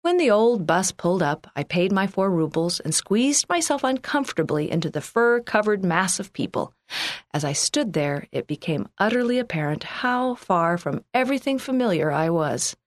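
A woman from Canada reading a first-person church magazine article aloud in a calm, earnest, scripted narration. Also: mid-range voice, moderate pace, no echo.

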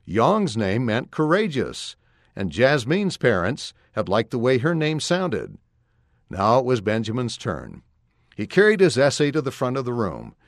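A man reading a children's story aloud in a clear, expressive storytelling voice. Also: medium pitch, unhurried, dry recording, clean studio sound. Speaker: narrator.

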